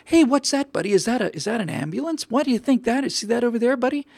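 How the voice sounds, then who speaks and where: A man voicing an overly gentle father who coaxes a screaming child in a soft, sing-song, pleading way. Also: extremely high pitch, expressive, fast talker, gravelly, dry recording, voice pushed up, full character voice. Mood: coaxing.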